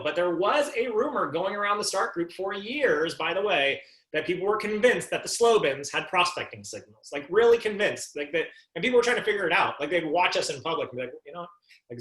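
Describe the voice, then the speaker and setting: A man giving a live training talk to an audience, animated and jokey, acting out sample dialogue. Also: on the high side. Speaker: sales and business trainer. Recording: echoey room.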